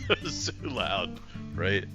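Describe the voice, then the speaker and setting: Young male streamer, low gravelly voice, slow and swoopy, profane muttering, loud music behind. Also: wildly swooping pitch. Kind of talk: casual gaming commentary.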